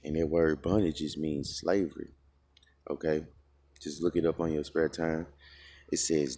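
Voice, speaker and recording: A man giving an informal scripture lesson in a loose, conversational way, full of fillers and slowing down to read verses aloud. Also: a bass voice, steady tone, dark tone, no room sound. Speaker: religious teacher.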